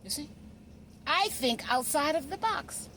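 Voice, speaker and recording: Woman, emphatic preachy monologue, animated pitch, noisy recording with traffic. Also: measured pace. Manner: preachy, repeats "you see?"; emphatic, swings between loud and hushed. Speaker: social media commentator. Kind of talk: impassioned monologue.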